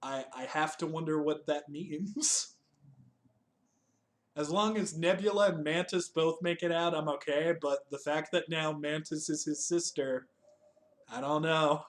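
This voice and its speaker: A man's voice: fairly high pitch, steady tone, unhurried. A man co-hosting a casual chat reviewing a TV special, laughing often, swearing and joking at his own expense. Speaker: podcast co-host.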